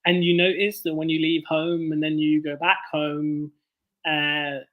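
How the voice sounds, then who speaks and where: Man, southern english accent, higher-pitched, articulate, thoughtful, casual guest. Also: completely flat delivery, a little slow, phone-quality sound. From Bournemouth, southern England. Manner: articulate, thoughtful, easy laugh. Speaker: author guest. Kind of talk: casual interview chat.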